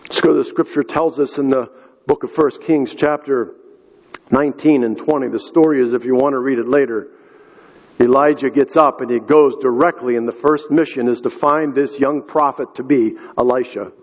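A man's voice: medium pitch, fairly even intonation, moderate pace. A man preaching a sermon, telling a story earnestly and speaking directly to the congregation. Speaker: pastor. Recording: echoey hall, dull lo-fi sound.

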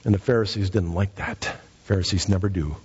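Pastor, male, husky voice, impassioned preaching style, dull lo-fi recording. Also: fairly even intonation, fairly quick, darkish tone, big-room sound. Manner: impassioned preaching, rising in pitch for emphasis. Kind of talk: sermon. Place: church sanctuary.

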